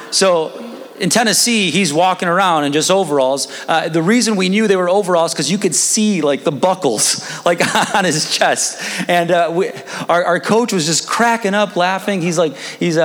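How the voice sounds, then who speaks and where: A man's voice: high voice, fairly bright tone, long reverb tail. A young man in his twenties, a pastor telling a personal story in a casual, rambling sermon with frequent restarts.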